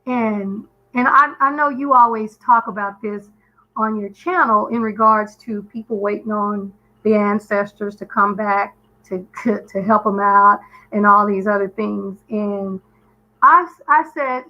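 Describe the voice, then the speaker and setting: A woman's voice: medium pitch, a little slow, lo-fi sound. A woman calling in to a live stream, telling a story in an earnest, emphatic way with frequent restarts. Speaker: guest caller on a live stream. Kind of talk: casual call-in chat.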